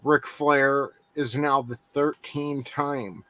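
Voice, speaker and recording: Co-host: unhurried man, measured recap, dry sound. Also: mid-range voice, fairly even intonation, sharp tone, dry recording. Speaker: podcast co-host. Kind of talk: casual chat.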